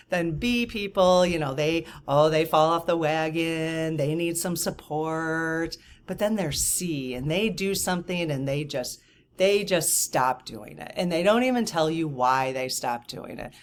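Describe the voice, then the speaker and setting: A woman in her fifties telling a story to camera in a casual, animated and indignant way, with lots of fillers and asides. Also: sits low, slow. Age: 50s. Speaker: vlogger.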